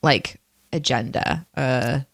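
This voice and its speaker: A woman's voice: rumbling low, slow, dry recording, studio quality. A woman co-hosting a casual livestream chat, laughing easily and reading out comments from the chat. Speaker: podcast co-host.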